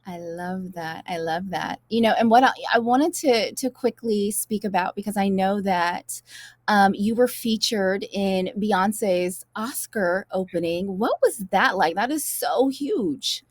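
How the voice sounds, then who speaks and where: A woman's voice: mid-range voice, unhurried, no room sound. Enthusiastic woman interviewer, dry sound. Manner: enthusiastic, affirming. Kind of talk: interview questions.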